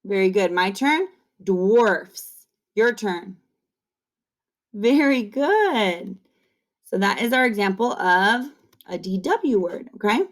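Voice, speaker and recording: Woman, kindergarten teacher, unhurried pace, encouraging repeat-after-me phonics lesson, speaking to camera. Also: medium pitch, animated. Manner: slow, encouraging call-and-repeat drilling. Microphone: camera facing the speaker.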